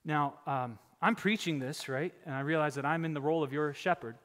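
A male pastor preaching a sermon, emphatic, swinging from loud exhortation down to near-whispers. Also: a little high, brisk, big-room sound.

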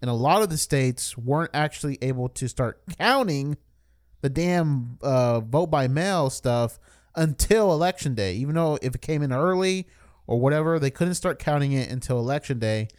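A man's voice: medium pitch, lively intonation, normal speed, clear, resonant tone. A man co-hosting a casual podcast. He rambles, using lots of fillers and restarting his sentences as he explains things. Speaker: podcast co-host.

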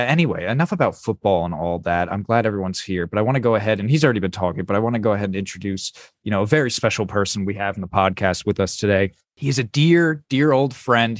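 A man's voice: medium pitch, a bit bright, no echo, studio quality. A man hosting a podcast, chatting in a rambling, swearing way with frequent laughs. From lives in New Jersey. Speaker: podcast host. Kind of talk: casual chat.

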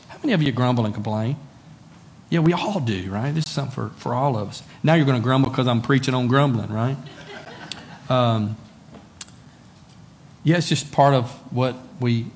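A man's voice: mid-range voice, a little hiss or hum. Conversational male pastor preaching. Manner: conversational, asks the congregation rhetorical questions; repeats words when emphasizing. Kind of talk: sermon.

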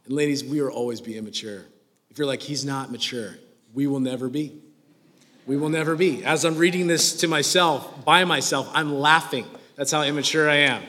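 A man's voice: mid-range voice, moderate pace, bright, forceful tone. A man in his twenties preaching a sermon in a joking, conversational way. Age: 20s. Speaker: pastor. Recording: long hall reverb.

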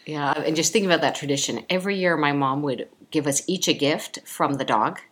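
A woman with a Chicago accent, co-hosting a relaxed chat about dogs, often affirming her partner. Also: sits low, fairly quick, breathy edge. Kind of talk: casual chat.

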